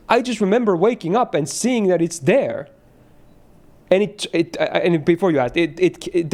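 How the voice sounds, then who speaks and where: A man's voice: a little high, a little mellow. Rambling male streamer chatting while gaming. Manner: rambling, restarts, casual swearing. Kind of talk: casual chat while gaming.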